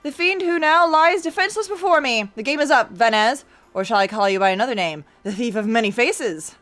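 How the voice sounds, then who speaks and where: A woman reading game dialogue aloud as a pompous, theatrical gentleman detective who declaims every line. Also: on the high side, lively intonation, fairly quick. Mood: grandiose.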